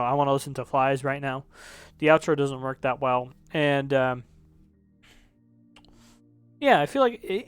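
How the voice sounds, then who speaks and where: A man's voice: on the high side, clean tone, no echo. A man reviewing songs in casual commentary, rambling and correcting himself, with the odd swear word. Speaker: music reviewer.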